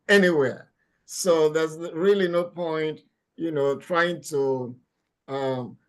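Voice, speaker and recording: Laughing man hosting an interview. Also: fairly high pitch. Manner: encouraging, laughs often, short affirmations. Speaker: podcast host. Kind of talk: conversational interview.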